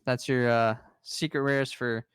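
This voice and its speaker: Smooth-voiced young man listing cards. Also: mid-range voice, level tone, measured pace, a bit bright, dry recording, clean studio sound. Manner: enthusiastic, rattles off card lists. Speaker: podcast co-host presenting trading card news. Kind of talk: casual podcast chat.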